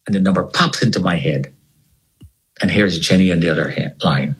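A man's voice: sits low, brisk, low-quality recording. A man telling a gripping personal story as an interview guest, retelling it dramatically and repeating words for effect. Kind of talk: animated spoken storytelling.

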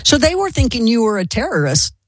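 An interviewer answers a guest's story with short, encouraging comments. The voice sits at a middle pitch and moves up and down a lot. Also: big pitch swings, a little fast, husky. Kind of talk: interview listening and reacting.

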